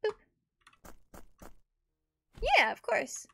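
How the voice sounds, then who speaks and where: A woman's voice: very slow, a bit bright. A young adult woman streaming a game, chatting bubbly with her viewers as she plays. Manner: chatty, bubbly, talks to chat while playing. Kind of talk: casual game commentary. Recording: faint game music behind.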